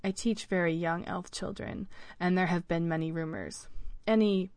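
A woman voicing a worried, polite female elf schoolteacher who speaks softly and quietly. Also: fairly low pitch, fairly even intonation, moderate pace, no room sound, close to an everyday voice.

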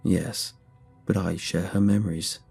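A man voicing an ancient hive-mind mold speaking through a dog, slow and measured. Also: deep voice, fairly even intonation, vocal fry, darkish tone, breathy edge, soft background music, full character voice. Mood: calm.

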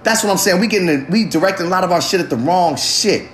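A man with a high-set voice rants through a fiery monologue. He swears constantly and hammers every point hard. The sound comes back off the walls of a roomy, echoey space. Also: lively intonation, quick pace, a bit bright, slight background noise. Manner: heavily profane, ranting, emphatic. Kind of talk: impassioned monologue. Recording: roomy echo.

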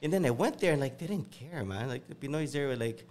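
Speaking fast in a medium pitch, a male guest from Virginia spins casual stories with animated energy. He slides back and forth between Tagalog and English without hesitation.

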